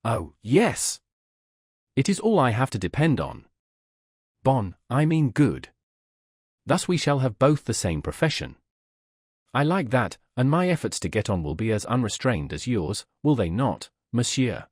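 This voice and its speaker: A man reading the part of a shy, earnest young woman who speaks softly and slowly and slips into French. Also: medium pitch, sing-song, breathy edge, no room sound, studio quality. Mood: gentle. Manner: soft, slow, hesitant; mixes French phrases into English. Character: young woman, shy earnest lace-mender turned teacher.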